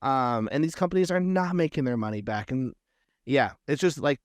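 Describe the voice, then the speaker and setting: A man's voice: medium pitch, lively intonation, normal speed, dry recording, clean studio sound. A man being interviewed, telling stories about his disputes in a rambling, casual way, full of fillers and restarts, sometimes exasperated. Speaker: interview guest, comic book creator.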